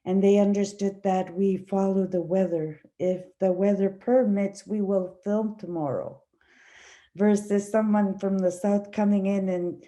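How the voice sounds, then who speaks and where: A woman from Igloolik whose first language is Inuktitut, speaking as an actress on a panel in a slow, searching way with many fillers and restarts. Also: medium pitch, steady tone, warm tone. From Igloolik, Nunavut. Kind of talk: panel discussion answer.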